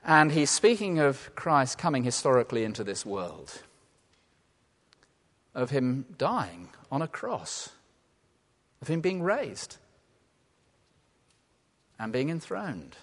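Male preacher from England, mid-pitched, animated and playful, earnest when quiet, echoing hall. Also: slow pace, long pauses. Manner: animated, playful asides and laughter, drops to quiet earnest tones. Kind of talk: sermon. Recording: long reverb of a large hall.

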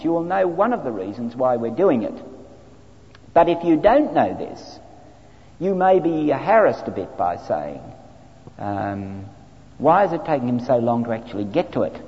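A man from Australia, a clergyman, giving an animated, wry, anecdotal training talk to a group. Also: a little high, moderate pace. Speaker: clergyman teaching evangelism training. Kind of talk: lecture-style talk to a group. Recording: dull lo-fi recording in a reverberant hall.

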